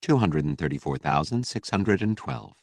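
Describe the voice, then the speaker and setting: A man voices a flight-simulator computer in an audiobook, reading out numbers in a flat, mechanical way. The voice is very low and dry, heard close up. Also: normal speed, gravelly, no room sound, heavily acted.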